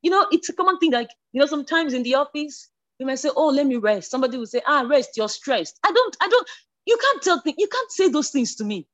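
A woman giving a spoken church testimony, stumbling over restarts, then rising to emotional, near-shouted declarations. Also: high voice, very animated, fast talker. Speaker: church member sharing a testimony.

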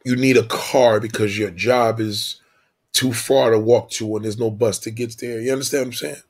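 A man's voice: mid-range voice, fairly even intonation, moderate pace. A man telling a preachy story in a profane, emphatic way, repeating his points.

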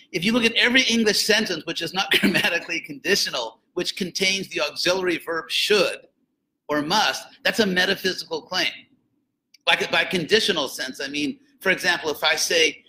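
A man's voice: sits high, bright, forceful tone, rough recording. A man giving an informal lecture on philosophy and religion, digressive and jokey, with frequent asides.

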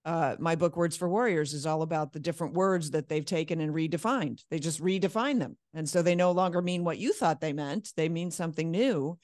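A woman hosting a casual interview, chatty and quick to interject. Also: low voice, a little mellow, no room sound, studio quality. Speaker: interview host.

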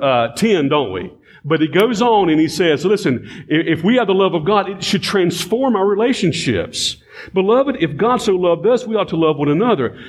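Emphatic preacher man, slightly high voice. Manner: emphatic, repeats key phrases, addresses congregation as folks. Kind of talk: sermon.

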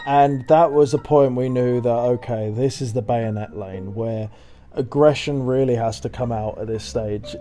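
A man's voice: medium pitch, measured pace, mellow, soft background music. Sweary young man telling army stories. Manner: rambling, sweary, laughs at own story. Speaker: storyteller. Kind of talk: casual anecdote.

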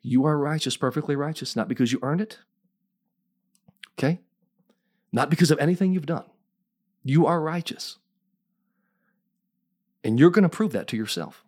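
A man preaching a sermon as pastor, fervent and emphatic, often rising in pitch and throwing questions to the congregation. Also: lively intonation, normal speed, pauses often. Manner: fervent preaching, rising to near-shouts, call-and-response questions.

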